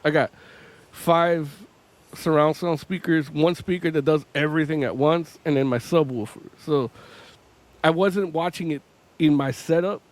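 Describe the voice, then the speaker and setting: Casual, laughing male podcast host. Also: fairly high pitch. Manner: loose, profane, laughs often while talking. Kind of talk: casual chat.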